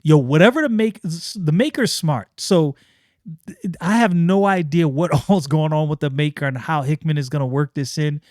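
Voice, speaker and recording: A man hosting a casual comic book review, excitable and slangy, often restarting his sentences. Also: fairly high pitch, moderate pace, no echo, clean studio sound.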